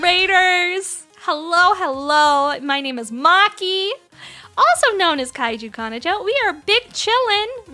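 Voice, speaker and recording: A woman's voice: very high-pitched, bright, forceful tone. A woman in her thirties chatting casually on a livestream, playful, laughing often and swearing freely. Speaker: streamer.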